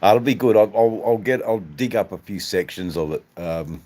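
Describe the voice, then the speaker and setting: A man's voice: fairly low pitch, expressive, moderate pace, dark tone. An Australian man hosting a casual livestream, rambling and swearing as he chats to viewers. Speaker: livestream host.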